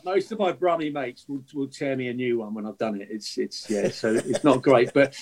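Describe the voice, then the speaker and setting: A man's voice: mid-range voice, normal speed, darkish tone. A man, a guest actor, chatting casually on a podcast, laughing easily and correcting himself as he goes.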